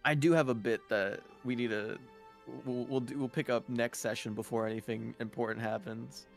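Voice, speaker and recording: A man's voice: mid-range voice, fairly even intonation, normal speed, gravelly, faint music behind. A man running a tabletop game, chatting casually afterward, laughing often and swearing freely. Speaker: game master.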